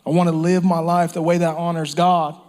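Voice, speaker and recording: A man preaching a sermon with fervor. His voice sits a little higher than most men's. He repeats his phrases for weight and at times falls to a hush. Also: little pitch movement, fairly quick. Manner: impassioned preaching with repeated phrases and dropped whispers. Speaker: pastor. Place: church or campground service.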